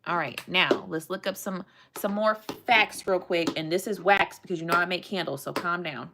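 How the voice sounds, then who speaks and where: A woman's voice: fairly low pitch, moderate pace, noisy background. A young woman chatting playfully with her live-stream chat and reading animal facts aloud.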